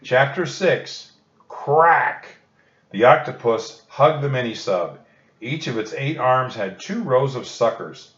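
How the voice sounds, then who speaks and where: A man gently reading a children's book aloud, reassuring young listeners. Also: mid-range voice, lively intonation, measured pace. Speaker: storybook reader. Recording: dull echoey room recording.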